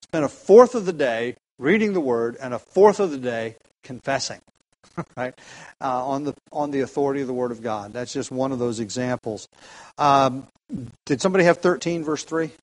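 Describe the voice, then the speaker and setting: A man leads a relaxed Bible study, pausing often and restarting his sentences. His voice sits in an ordinary middle register, and he keeps asking the class to find passages. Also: medium pitch, low-quality recording. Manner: halting, with many fillers and restarts, asks the class for verses. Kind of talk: casual Bible class lecture.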